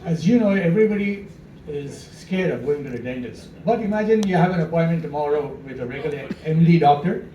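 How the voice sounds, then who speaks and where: A man's voice: fairly high pitch, fairly quick, highs cut off. A man, a dentist, telling comic stories on stage, chuckling and acting out dialogue. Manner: chuckling, animated, acts out dialogue. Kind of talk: stand-up storytelling. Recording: roomy, distant mic, faint background noise.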